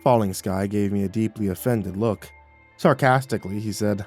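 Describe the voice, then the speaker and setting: A man's voice: fairly low pitch, moderate pace, soft background music. A man telling a first-person horror story as a narrator, in a vivid, profane manner. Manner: vivid, profane, grows excited.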